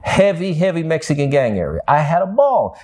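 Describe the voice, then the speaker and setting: An older man from New York, a guest telling stories from his life in an animated, streetwise way. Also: on the high side, brisk. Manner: animated storyteller, streetwise slang. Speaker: interview guest. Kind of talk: storytelling interview.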